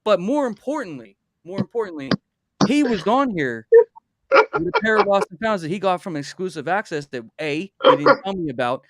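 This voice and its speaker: A man hosting a livestream in casual chat, animated and repeating himself when excited. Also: high voice, moderate pace, dry recording. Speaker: livestream host.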